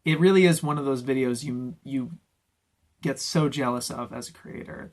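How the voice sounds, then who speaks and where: A man giving a comedic reaction rant about anime videos, gushing and excitable, swearing often. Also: on the high side, normal speed. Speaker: anime YouTube reviewer.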